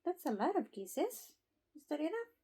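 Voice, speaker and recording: High cooing Filipino woman. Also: sing-song, moderate pace, mellow, poor audio. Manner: sing-song, cooing, playful. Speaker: vlogger talking to pet birds. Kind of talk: baby talk to pets.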